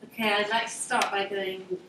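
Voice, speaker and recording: A woman's voice: medium pitch, flat delivery, moderate pace, heavy background noise. A woman interviewing a guest, polite and a little hesitant, with fillers. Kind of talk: onstage interview. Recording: echoey room, far-off mic, faint ambience.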